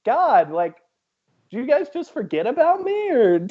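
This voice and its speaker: Guy putting on a whiny young woman, high voice, kinda muffled. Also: sing-song, measured pace, breathy edge, heavily acted. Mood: peeved. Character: young woman friend, peeved at being left. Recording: dull lo-fi sound.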